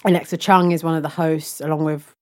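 Young woman hosting a podcast, bit low voice, chatty, laughs a lot. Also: flat delivery, darkish tone. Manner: chatty, laughs often, drawn-out emphatic words. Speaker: podcast co-host. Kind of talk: casual chat.

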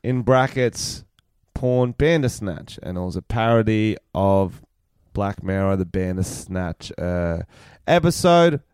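A man co-hosting a podcast, animated and playful as he reads out odd news stories. His voice is low-pitched and smooth, clearly resonant. It is recorded close and dry. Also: slow pace, few pauses, dry recording. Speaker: podcast co-host. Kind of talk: casual banter and storytelling.

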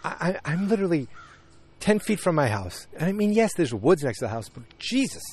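A man's voice: fairly high pitch, big pitch swings, a little fast, darkish tone, slightly rough. A man casually recapping a TV episode, blunt and chatty, recorded on a handheld recorder outdoors beside woods. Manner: blunt, chatty, many fillers and restarts. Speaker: podcast host recapping a TV episode. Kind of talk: casual chat. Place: outdoors beside woods near his house.

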